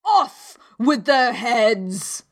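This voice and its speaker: A woman voicing a cruel, bad-tempered queen who barks slow, shrill commands in a storybook reading. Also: sing-song, exaggerated voice. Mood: furious. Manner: shouting, drawn-out commands.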